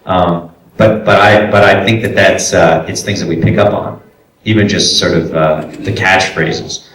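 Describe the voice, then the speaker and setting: A man's voice: low-pitched, steady tone, measured pace, a bit bright. A man from Brooklyn teaching voice acting at a convention panel, chatty and explanatory, with lots of fillers. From Brooklyn, New York. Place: large echoey convention room. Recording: echoey room, voice from far off.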